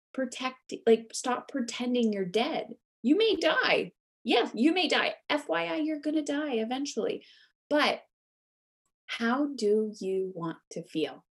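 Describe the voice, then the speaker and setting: A woman guest author telling a personal story in an interview, earnest and animated, with lots of "like" fillers. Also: mid-range voice.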